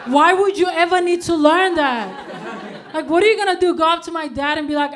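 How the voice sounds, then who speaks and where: A woman in her thirties from Denmark performing a stand-up comedy set in a club, with deadpan punchlines and animated put-on quotes. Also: high-pitched, fast, a crowd in the background. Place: comedy club stage before a live audience. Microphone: handheld stage microphone. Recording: live club recording, audience laughter clearly heard.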